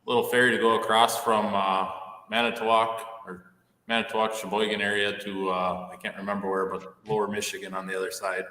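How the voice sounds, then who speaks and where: A man's voice: lowish voice, little pitch movement, brisk, sharp tone. A man guest in a casual chat, easygoing as he corrects pronunciations, heard on a remote call. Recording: echoey room with long reverb.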